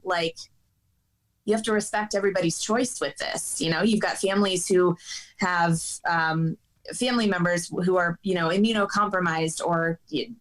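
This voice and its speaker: A woman softball coach speaking as a podcast guest, in a measured, reflective, casual way. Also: on the low side, rough recording. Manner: measured, reflective, with small restarts.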